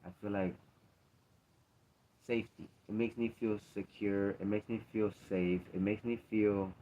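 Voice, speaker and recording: A man's voice: lowish voice, fairly even intonation, measured pace, mellow, a little hiss or hum. A man in a casual faith talk, speaking earnestly and emphatically, repeating himself to drive points home. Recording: dull lo-fi recording.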